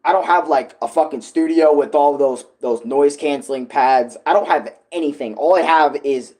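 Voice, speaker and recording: A man with a fairly high voice rambles through a casual vlog, piling up fillers like "right" and "whatnot" and dropping swear words along the way. He sounds unscripted and loose. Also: normal speed, darkish tone. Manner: rambling, profane, lots of filler. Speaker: music creator vlogging.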